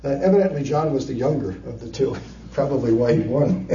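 A man's voice: medium pitch, moderate pace, a little hiss or hum. Distant echoey preacher man. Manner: animated storytelling with chuckles and many fillers. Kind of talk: sermon. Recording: distant, dull, echoey room.

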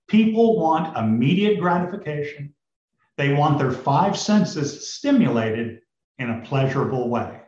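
Slow, animated male preacher. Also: a little high. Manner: storytelling, addresses the congregation. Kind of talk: sermon with told fable. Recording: roomy, slightly dull recording.

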